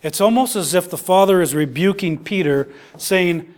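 A middle-aged man delivering a sermon with a notably high-pitched voice. He talks conversationally and often doubles up his words. He acts out the quoted lines as he reads them. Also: a little slow, few pauses. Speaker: preacher.

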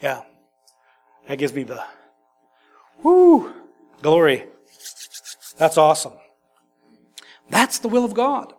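A man preaching an expository sermon in a conversational, animated way, acting out quotes and adding quick asides. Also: a little high, soft background music. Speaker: pastor.

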